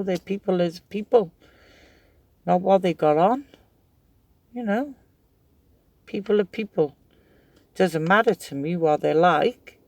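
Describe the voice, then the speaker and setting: Here a craft vlogger in middle age tells loose, rambling stories, chatting and laughing throughout. His high voice has a creaky, slightly mellow quality, and the recording is dry.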